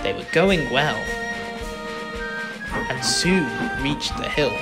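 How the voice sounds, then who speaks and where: A man narrating a children's storybook tale in an expressive, varied manner. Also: mid-range voice, takes it slowly. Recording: music behind narration.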